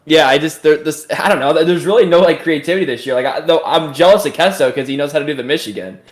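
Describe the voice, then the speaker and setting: A man's voice: a little high, fast talker. A man co-hosting a gaming podcast in casual chat, giggly and apologetic. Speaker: podcast co-host. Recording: echoey room.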